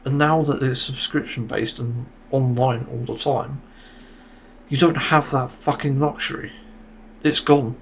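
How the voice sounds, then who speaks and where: A man's voice: medium pitch, steady tone, unhurried, slight background noise. A man hosting a solo podcast, ranting in exasperation and swearing often. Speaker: podcast host.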